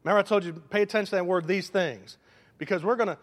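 A man preaching a sermon as pastor, lively and joking, drawing the congregation into call and response. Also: high-pitched, fast, long reverb tail.

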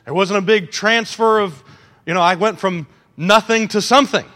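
A man preaching a sermon, animated and joking with the congregation, acting out quotes. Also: high-pitched, normal speed. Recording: long hall reverb.

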